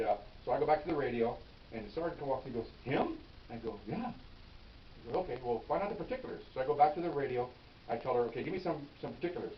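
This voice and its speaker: An older man, a retired police officer, tells a story from his patrol days in a quick, conversational way. He acts out each line of dialogue and keeps adding "okay?" asides. The sound is roomy and distant, dull and a little lo-fi, with a faint hiss. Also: mid-range voice. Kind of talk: casual anecdote storytelling.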